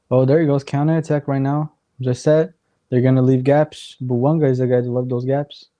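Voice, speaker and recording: A man casually chatting through a soccer watchalong as a streamer, his voice going hoarse, rambling as he works out the league standings aloud. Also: medium pitch, dark tone, dry recording. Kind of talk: casual live match commentary.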